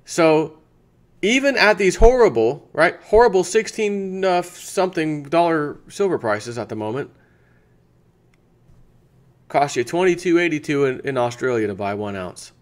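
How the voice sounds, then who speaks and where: A man's voice: on the high side, animated, unhurried. An American man hosting his own channel, casually chatting through a sponsor segment and thinking aloud with restarts. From United States. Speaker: channel host.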